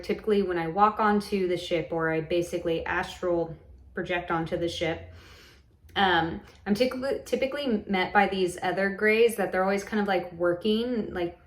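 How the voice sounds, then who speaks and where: A woman tells a personal story in a relaxed vlog. Her talk wanders, full of fillers and restarted sentences. Her voice sits at an ordinary pitch, and the room adds a noticeable echo. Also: moderate pace. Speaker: vlogger recounting a hypnosis session. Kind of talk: casual storytelling to camera.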